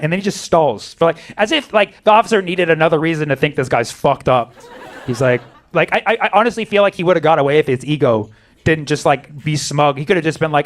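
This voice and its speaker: Stand-up comic, male, slightly high voice, profane riffing delivery, acts out the people in his bits. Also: fairly quick, a little hiss or hum. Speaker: stand-up comedian. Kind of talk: stand-up set.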